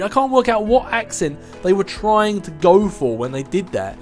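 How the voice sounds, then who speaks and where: A man's voice: high-pitched, sing-song, moderate pace, faint music behind. Chatty young man, rambling Q&A host. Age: 20s. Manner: rambling, chatty, with frequent restarts and laughs. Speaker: YouTube channel host answering viewer questions. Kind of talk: casual chat.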